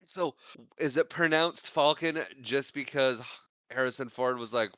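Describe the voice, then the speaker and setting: A man with a mid-pitched, bright, clear voice, casually recapping a film on a podcast. He quotes characters with a laugh in his voice. The sound is dry and close. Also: moderate pace, dry recording. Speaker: podcast co-host. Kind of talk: casual movie chat.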